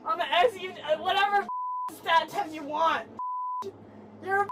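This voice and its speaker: Brief: tearful, tipsy young woman with a very high voice, swearing then apologizing, heard from afar on body cam over loud noise and crowd. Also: unhurried, pauses often, far from the mic. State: crying, drunk. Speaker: arrested woman.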